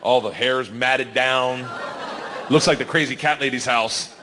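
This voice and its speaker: A man's voice: mid-range voice, a little slow. Brash profane man doing stand-up before a roaring crowd. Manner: brash, profane, animated storytelling. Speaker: stand-up comedian. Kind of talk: stand-up comedy set. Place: comedy club stage. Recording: live show with loud crowd laughter and noise.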